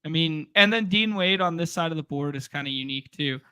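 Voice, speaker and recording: A man co-hosts a relaxed podcast, mostly chiming in with short replies and easy laughs. His voice is bright and crisp. The sound is dry and close. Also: fairly high pitch, brisk, no echo. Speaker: podcast co-host. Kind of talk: casual chat.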